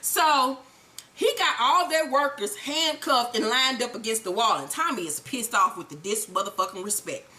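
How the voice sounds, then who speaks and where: Vlogger woman, high and sharp, loud animated profane recap. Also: normal speed, hardly any pauses. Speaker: TV recap host. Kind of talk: casual profane episode recap.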